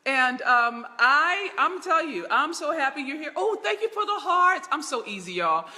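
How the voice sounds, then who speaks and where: A woman's voice: high voice, big pitch swings, moderate pace, bright, forceful tone, long reverb tail. A middle-aged woman hosting a live stream as a business mentor, laughing often and greeting viewers by name from a large room in her home. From Baltimore.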